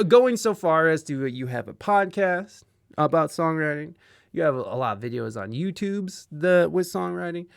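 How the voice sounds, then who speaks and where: A man's voice: medium pitch, no echo, studio quality. A man hosting an interview in a casual, joking way, putting on playful outrage and teasing his guest. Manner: jokey mock outrage, theatrical and loud. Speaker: host.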